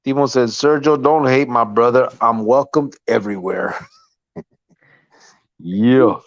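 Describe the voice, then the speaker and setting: A man's voice: mid-range voice, unhurried, no room sound. A man hosting a casual podcast, laid-back, reading viewer comments aloud and laughing often. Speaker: podcast host. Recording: dry, slightly dull lo-fi sound.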